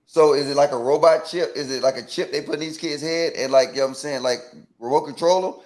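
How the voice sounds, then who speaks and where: A man from Atlanta co-hosts a call-in talk show and argues his point in a lively way. He keeps pressing with rhetorical questions and often stammers and restarts his sentences. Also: a little high, fast. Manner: animated, asks pointed questions, repeats "right?". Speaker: co-host.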